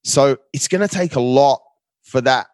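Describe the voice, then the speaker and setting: Guest voice: energetic, emphatic man, frequent "mate", dry close sound. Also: mid-range voice, normal speed, no echo. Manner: upbeat, emphatic, keeps calling the listener mate. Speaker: guest, marathon runner. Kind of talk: casual interview talk.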